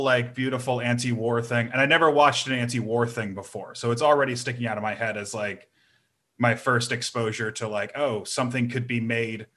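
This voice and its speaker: A man's voice: mid-range voice, a bit bright. A young man talking casually, rambling with many fillers and restarts. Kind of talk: casual chat.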